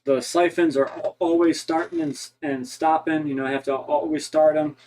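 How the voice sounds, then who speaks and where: Ohio guy rambling on a stream, kinda high voice, lots of restarts. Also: steady tone, a little mellow, rough recording. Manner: rambling, halting with many restarts. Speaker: co-host. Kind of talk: casual livestream chat.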